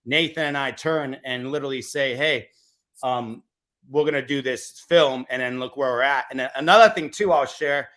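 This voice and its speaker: A man who is a guest on a podcast, telling a story in an animated, casual way with some fillers. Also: medium pitch, normal speed.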